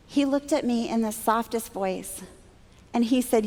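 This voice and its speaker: High-voiced woman telling a testimony. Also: unhurried. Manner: animated, self-deprecating, acts out her own thoughts. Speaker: Christian speaker. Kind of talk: personal testimony storytelling. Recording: long hall reverb.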